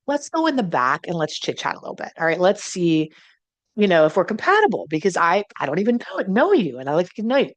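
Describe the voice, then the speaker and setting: A woman's voice: lowish voice, sing-song, quick pace, no echo. A woman doing a playful young prince. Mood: coaxing. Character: young prince testing his bride, playful.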